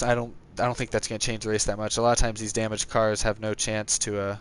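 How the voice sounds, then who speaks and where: A tired young man with a lowish, clear, resonant voice chats with viewers while streaming a racing game on a headset mic. He talks quickly with hardly any pauses, relaxed and rambling, answering viewer chat in a casual live stream.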